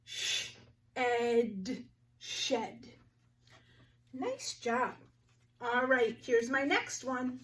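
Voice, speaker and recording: Woman, teacher, very slow phonics lesson, higher voice, a bit far from the mic. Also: expressive, a bit bright. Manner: sounds out words slowly, clearly articulated.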